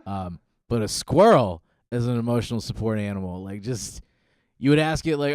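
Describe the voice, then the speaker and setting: A man doing a stand-up comedy set on stage, laid-back and deadpan with lots of ums. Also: medium pitch, moderate pace, clear, resonant tone, no echo. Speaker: stand-up comic. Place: comedy stage before live audience.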